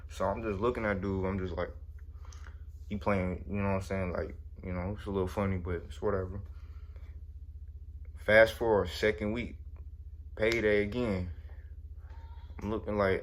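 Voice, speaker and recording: A man's voice: fairly low pitch, steady tone, normal speed, pauses often. Laid-back young man telling a story. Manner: slangy, laid-back, repeats "you know what I'm saying". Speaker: storyteller vlogger. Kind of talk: casual storytime.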